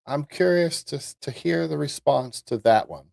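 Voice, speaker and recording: A man hosting a live-stream commentary show, talking straight to his viewers in an animated way. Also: a little high, a little slow, creaky, no room sound, clean studio sound. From United States. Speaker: host.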